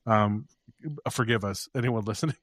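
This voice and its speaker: A man's voice: fairly low pitch, steady tone, normal speed, fairly bright tone, dry recording, studio quality. A man co-hosting a podcast, chatting with enthusiasm and scattering "like" through his sentences. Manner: enthusiastic, full of "like" fillers. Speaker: podcast co-host. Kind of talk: casual chat.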